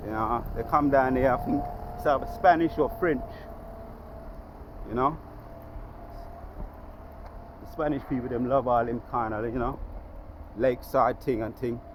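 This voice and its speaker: A man preaches outdoors in a medium-pitched voice. His delivery is emphatic and repetitive, and he restarts often as he works through his point. Traffic passes faintly behind him. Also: steady tone, measured pace, long pauses. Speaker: street preacher. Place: outdoors, by a lake.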